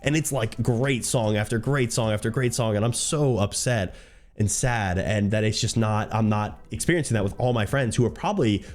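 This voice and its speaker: A man's voice: fairly low pitch, normal speed, a little mellow. A man who streams for a living, telling a story in a talkative, rambling way. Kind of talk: casual storytime.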